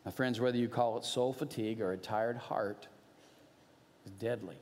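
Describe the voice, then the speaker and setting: A middle-aged male pastor preaching a sermon, telling a personal story earnestly, moving between animated emphasis and hushed, quiet moments. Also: fairly low pitch, normal speed. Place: church. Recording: long hall reverb.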